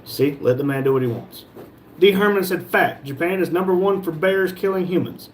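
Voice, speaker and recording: This livestream host, speaking at a normal pace in a high voice, sits in a shop reading out chat comments from viewers and bantering with them casually.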